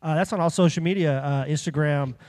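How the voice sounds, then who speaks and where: A man co-hosting a live podcast, adding quick agreeing asides and jokes to a friend's retelling. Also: a little high, a little mellow. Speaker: podcast co-host. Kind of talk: casual live podcast chat.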